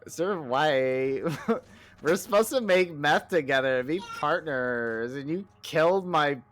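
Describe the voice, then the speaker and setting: A man's voice: a little high, expressive, slow, fairly bright tone, a little hiss or hum, voice pushed up. A man voicing a foul-mouthed, whiny young valley girl in an exasperated, swearing manner. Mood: whiny, outraged.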